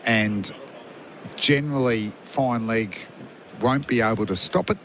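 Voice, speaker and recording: A middle-aged man, a former fast bowler as expert radio commentator, telling rambling anecdotes. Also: on the low side, fairly bright tone, slight background noise. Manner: chatty, rambling anecdotes with fillers.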